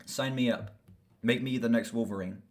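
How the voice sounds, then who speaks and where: This young man chats on his live stream in a mid-pitched voice, casual and rambling. He gets excitable and swears freely as he talks about films. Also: moderate pace. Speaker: streamer and movie reviewer.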